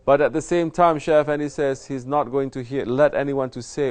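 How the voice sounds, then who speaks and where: A man's voice: medium pitch, fairly even intonation, brisk, a little mellow. Emphatic man preaching with rhetorical questions. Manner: emphatic, rhetorical questions, mock-quoting others. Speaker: Sufi teacher answering questions. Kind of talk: spoken sermon answering a question. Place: Sufi lodge.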